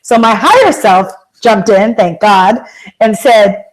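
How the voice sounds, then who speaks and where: A woman giving a motivational talk, telling stories with lively acted-out quotes and direct questions to the audience. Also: medium pitch, takes it slowly, poor audio. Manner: animated storytelling, acts out quoted voices. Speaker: motivational speaker and life coach.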